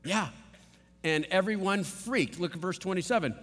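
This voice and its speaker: A pastor delivers a sermon in a large, reverberant hall, his high voice moving at a moderate pace. He preaches in an animated, conversational way, tossing out rhetorical questions, and the room's long reverb trails every line.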